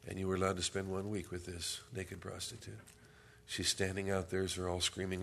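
A man's voice: low voice, completely flat delivery, fairly quick, creaky, a bit bright. A man preaching a sermon as pastor, telling a story and then reading scripture aloud with rising force.

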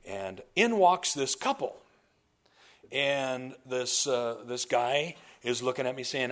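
A man preaching from the pulpit and telling stories to his congregation. His delivery is animated and conversational, full of asides and restarted sentences. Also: medium pitch, slow. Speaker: pastor. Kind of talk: sermon storytelling.

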